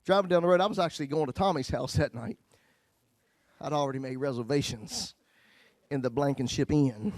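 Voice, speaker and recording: A man's voice: mid-range voice, brisk, darkish tone, no room sound. Male pastor, testimony sermon, folksy, big dynamic swings, mid voice, dry.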